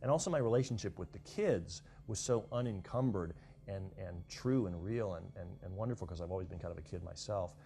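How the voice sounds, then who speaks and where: A man's voice: low voice, brisk, creaky, mellow. A man, a film director, thinking back in a documentary interview, with many restarts. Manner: thoughtful, with frequent restarts.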